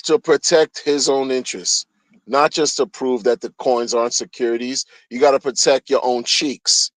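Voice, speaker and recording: A man's voice: medium pitch, fairly even intonation, moderate pace, a bit bright, no echo, low-quality recording. A man streaming a heated solo rant, agitated and profane, often repeating himself.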